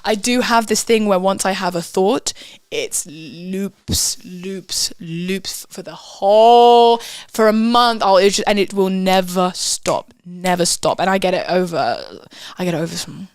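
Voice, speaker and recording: A woman, a guest chatting candidly with quick asides and self-critical remarks. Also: mid-range voice, dry recording. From England. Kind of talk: casual chat.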